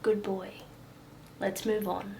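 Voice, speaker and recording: A woman voicing a calm, firm male doctor who speaks in a gentle, hushed tone. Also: medium pitch, slow, vocal fry, slight background noise. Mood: gently stern. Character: calm, stern middle-aged male doctor and caregiver.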